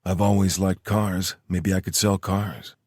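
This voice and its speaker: A wry soldier jokes with his lover in a deep, low voice with a husky edge, as a male narrator reads him. The banter is dry and deadpan, close and without room sound. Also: a little slow, no echo, full character voice.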